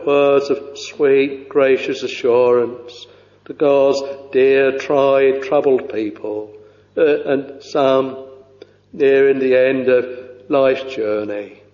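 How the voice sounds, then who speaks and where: A man preaching a sermon, reading scripture in a slow, halting way with many pauses and fillers, dropping to a hushed voice on quoted verses. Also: medium pitch. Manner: slow, halting delivery with frequent uh and you know. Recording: dull lo-fi recording with long hall reverb.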